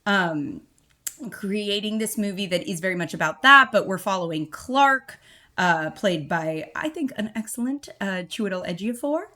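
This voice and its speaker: A woman co-hosting a podcast, chatting casually about films in an animated, self-mocking way. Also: mid-range voice, normal speed. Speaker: podcast co-host. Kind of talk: casual film review chat.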